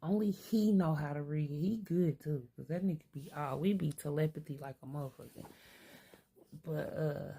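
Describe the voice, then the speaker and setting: Low-voiced grandma vlogging, blunt and cussing, talking to herself out loud. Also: female voice, moderate pace, vocal fry, breathy edge. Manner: blunt, streetwise, talks to herself aloud; swears freely. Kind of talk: candid self-reflective monologue.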